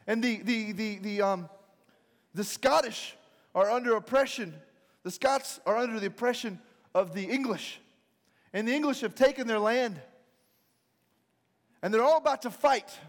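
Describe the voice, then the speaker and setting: A man preaching a sermon, telling the story in a casual, animated way with joking asides. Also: very high-pitched. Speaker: pastor. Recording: reverberant large hall.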